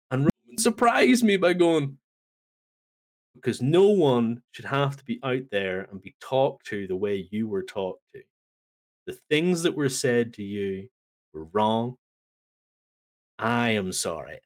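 A man on a podcast casually recapping a wrestling show, telling it as a lively story and acting out the lines. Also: medium pitch, measured pace. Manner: animated storytelling, acts out quotes. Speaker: podcast co-host.

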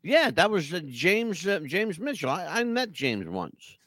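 A man hosting a casual talk show, his voice rising and falling with lively, animated swings as he rambles through stories with emphatic asides. His tone sits a little on the higher side, and the recording is dry and close, with no room sound. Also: unhurried, dry recording. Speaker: podcast co-host. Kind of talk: casual chat.

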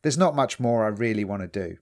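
A man's voice: on the low side, expressive, brisk. A man co-hosting a podcast, chatting casually and retelling what he watched, with plenty of swearing. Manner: sweary, conversational, retells scenes. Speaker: podcast co-host. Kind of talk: casual chat.

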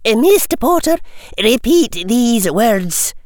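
A man's voice: extremely high pitch, big pitch swings, slow, no echo, studio quality, pitched above the performer's own voice, heavily acted. A man voicing a stern older woman professor with a Scottish accent, speaking firmly and with command. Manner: firm, commanding.

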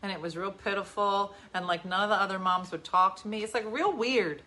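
Bright-voiced chatty woman. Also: medium pitch, a little fast. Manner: chatty, teasing, laughs often. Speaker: live-stream host. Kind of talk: casual live-stream chat. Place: home at night. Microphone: phone camera.

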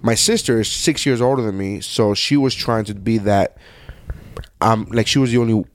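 A man's voice: fairly low pitch, moderate pace, dry recording. A man hosting a podcast in casual chat, blunt and joking, often talking over his guest. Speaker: podcast host.

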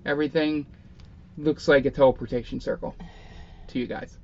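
Guy running a tabletop game, rambly, lots of ums, voice a bit high, kinda muffled recording. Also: steady tone, moderate pace, a little mellow. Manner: loose, rambling narration with many fillers. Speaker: game master.

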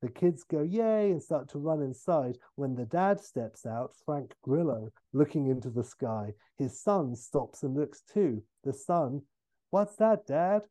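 A man, telling a comic film pitch as a podcast host and acting out each scene. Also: warm tone, no room sound. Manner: narrates briskly and jumps into silly voices for characters.

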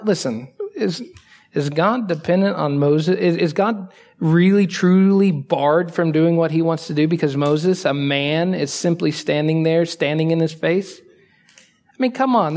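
A male pastor preaching a sermon in a conversational style, asking the congregation rhetorical questions and swinging between quiet asides and emphatic raised lines. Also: on the high side.

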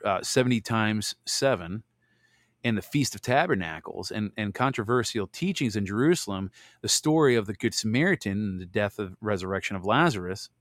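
A man hosting a show where he reads Bible verses aloud and stops for relaxed personal asides. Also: on the low side, dry recording, clean studio sound. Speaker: host reading and commenting on scripture. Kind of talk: Bible reading with casual commentary.

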